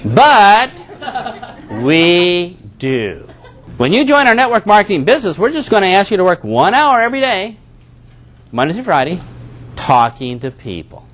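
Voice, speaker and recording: A man's voice: sits high, sing-song, fairly quick, fairly bright tone. A man giving a seminar talk to a live audience as a network marketing trainer, telling a story and acting out everyday dialogue.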